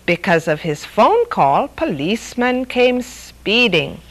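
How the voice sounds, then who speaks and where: A middle-aged woman hosting a story hour, reading picture books aloud in a lively, playful way. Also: medium pitch, takes it slowly, rough recording. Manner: lively, playful read-aloud with sound effects.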